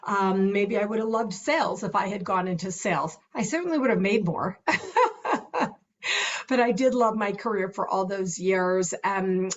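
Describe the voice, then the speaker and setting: A middle-aged woman coach records herself giving casual advice on confidence and voice, earnest and enthusiastic, laughing often. She speaks at medium pitch and a moderate pace, and the recording is muffled.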